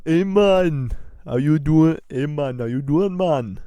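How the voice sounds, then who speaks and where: A man's voice: a little high, slow, dark tone, clear, resonant tone, no room sound, highs cut off. A man voicing a male fortune teller in a clumsy put-on Jamaican accent. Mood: jokey. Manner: bumbling put-on accent, breaking into laughs.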